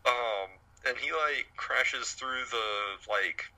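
A man's voice: medium pitch, slow pace, bright, forceful tone, low-quality recording. A man in casual chat, steadily walking through a cartoon episode's plot with a few fillers.

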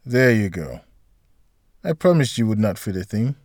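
A man's voice: fairly low pitch, big pitch swings, normal speed, a little mellow, no echo. Man doing a veteran male doctor, matter-of-fact, soothing, confident, dry recording.

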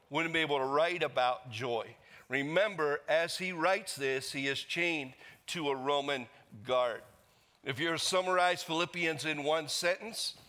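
In a church sanctuary, a pastor preaches an earnest sermon and leads the congregation in reading aloud. His voice is a little high, bright and forceful, carried by the long reverb of the church hall.

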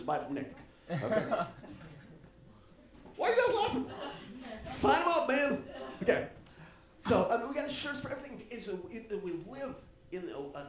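A man preaching a sermon, animated and joking with the congregation. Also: sits high, roomy sound. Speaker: pastor.

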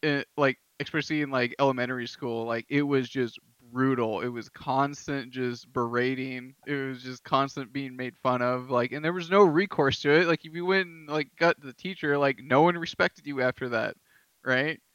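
Bright, clear-voiced man hosting a podcast. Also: mid-range voice, steady tone, normal speed, no room sound. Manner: laughing storyteller, filler-heavy. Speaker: podcast host. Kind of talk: casual chat. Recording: dull lo-fi dry sound.

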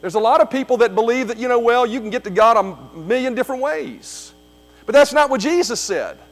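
A man's voice: very high-pitched, animated, a little fast, faint music behind. A man preaching a sermon as pastor, emphatic, repeating key phrases, with frequent fillers.

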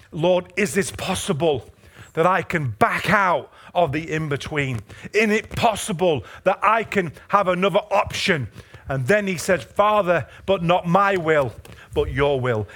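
A male pastor preaching a sermon with passion, moving from hushed, slow passages to fervent, urgent ones. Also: high-pitched.

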